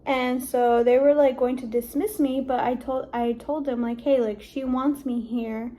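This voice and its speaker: A young woman vlogger telling a personal story to the camera in a halting, emotional way, filling her speech with "like". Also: high voice, fairly even intonation, dark tone. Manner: heavy use of "like", halting and emotional.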